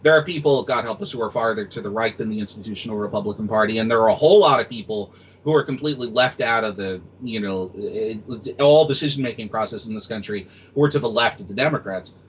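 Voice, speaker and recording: Animated man, husky lo-fi voice. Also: fairly low pitch, fast. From United States. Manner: animated, sweary, mocking quoted voices. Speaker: podcast guest, film critic. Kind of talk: casual podcast chat. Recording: dull lo-fi audio.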